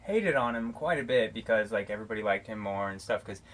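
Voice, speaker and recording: Rambling American man vlogging shout-outs. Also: on the low side, expressive, fast talker. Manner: rambling, affectionate, lots of fillers. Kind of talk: casual talking-head shout-outs. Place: living in Arizona. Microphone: camera mic, talking straight to camera.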